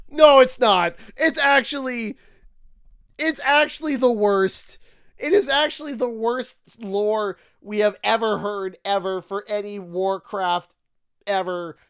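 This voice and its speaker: A Canadian man streaming a game, ranting with sarcasm and bursts of shouting. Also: high-pitched, smooth, dry recording, studio quality. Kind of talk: gaming livestream commentary.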